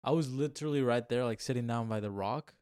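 A man's voice: medium pitch, fast talker, darkish tone, clean tone. A man co-hosting a podcast, telling his own story in defensive casual chat with swearing and laughs. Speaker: podcast co-host.

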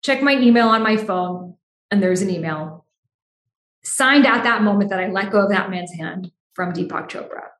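A woman's voice: medium pitch, moderate pace, fairly bright tone, echoey room. A young woman telling a personal story in a chatty way, full of "like", acting out the dialogue. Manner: chatty, lots of "like", acts out dialogue.

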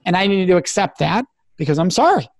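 A man's voice: sits high, sing-song, fast talker, creaky. A man, a guest expert in an interview, talking in an earnest, emphatic way as he gives advice. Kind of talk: interview conversation.

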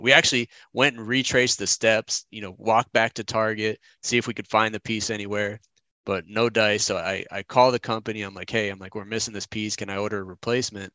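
A man's voice: fairly low pitch, fairly even intonation, brisk, bright, forceful tone, dry recording. A man co-hosting a podcast, telling a rambling, self-deprecating story about his kids in a casual chat. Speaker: podcast co-host.

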